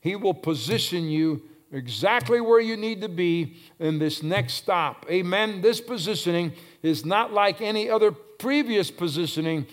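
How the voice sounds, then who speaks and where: A man preaching a sermon with fervor, repeating phrases for emphasis and swinging from loud, stretched calls to low, hushed lines. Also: lively intonation, unhurried, few pauses. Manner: fervent preaching, swelling loud then dropping low. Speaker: pastor.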